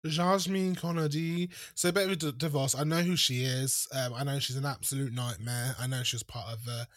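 Male podcast co-host, bright tone, loose sweary chat. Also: medium pitch, moderate pace, no echo, clean studio sound. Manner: chatty, swearing, animated retellings. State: hungover. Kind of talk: casual chat.

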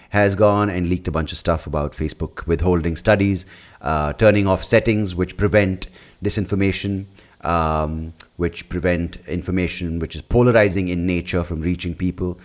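On his podcast, a comedian with an Indian English accent rants casually, rambling and swearing while often correcting himself. He speaks at a moderate pace in a low-pitched voice.

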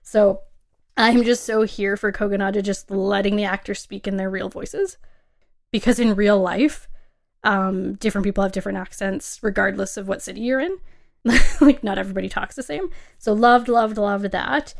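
A woman's voice: medium pitch, normal speed, vocal fry. A young adult woman co-hosting a casual film podcast, chatty and emphatic, laughing often. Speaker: podcast co-host.

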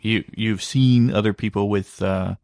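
A man co-hosting a casual podcast, telling a story in an animated way with lots of filler words. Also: fairly low pitch, unhurried, no echo, studio quality. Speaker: podcast co-host. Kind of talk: casual conspiracy podcast chat.

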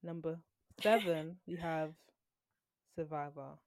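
A woman guest on a casual podcast who reads out a ranked list in a loud, giggly way. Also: deep voice, takes it slowly, a little hiss or hum. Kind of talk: casual chat.

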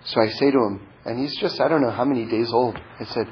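A man giving a spoken religious teaching built around a personal story, halting and repeating words, growing more intense toward his point. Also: mid-range voice, a little hiss or hum. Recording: dull lo-fi recording.

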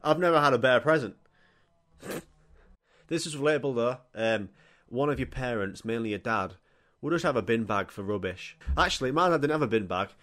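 A man, telling crude, animated comic stories as a podcast host and swearing freely. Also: mid-range voice, fairly quick. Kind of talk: comic storytelling monologue.

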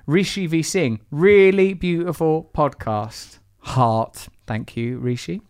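A man's voice: on the high side, takes it slowly, darkish tone, clean tone, no room sound, clean studio sound. A man hosting a podcast, teasing and rambling through asides between introductions. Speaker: podcast host. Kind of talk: playful podcast intro and banter.

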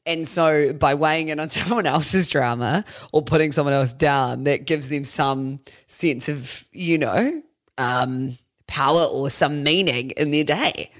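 Low-voiced New woman hosting. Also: unhurried. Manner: reflective, conversational, swears casually. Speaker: podcast host. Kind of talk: casual podcast chat.

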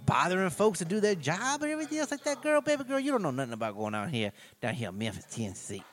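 A man's voice: high-pitched, very animated, a bit bright, voice pushed up. A man putting on a hammy drawling fake detective. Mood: mocking. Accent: exaggerated fake Southern drawl. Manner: sing-song, drawn-out, mocking. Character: over-the-top male detective with a fake drawl.

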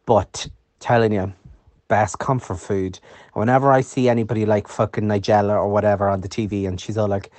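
A man's voice: on the low side, little pitch movement, fairly quick, darkish tone, dry recording. An Irish man leaving a chatty, sweary voice message in mock outrage. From Ireland.

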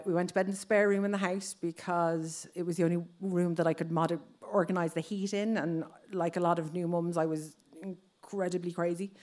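A lowish, slightly mellow voice belongs to an Irish woman in her thirties. On stage, she relates a personal tale and acts out the words of others.

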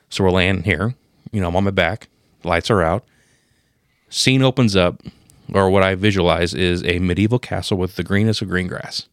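A man in his thirties telling a personal story on a podcast, emotional and profane, marking each scene change with a sudden boom. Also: no room sound, studio quality. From Pennsylvania. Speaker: podcast co-host. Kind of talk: casual storytelling.

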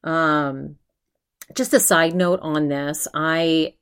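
A woman hosting a solo podcast, chatting casually and retelling stories with lively mimicry and plenty of fillers. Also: sits low, very slow, smooth. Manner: animated retelling, mimics others' voices; chatty, lots of fillers and restarts. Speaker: podcast host.

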